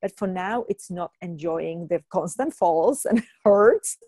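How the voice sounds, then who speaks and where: A woman's voice: fairly low pitch, expressive, slow pace, dark tone, slightly rough, soft background music. A woman co-hosting a casual chat, telling stories animatedly, acting out quotes and laughing often. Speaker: co-host.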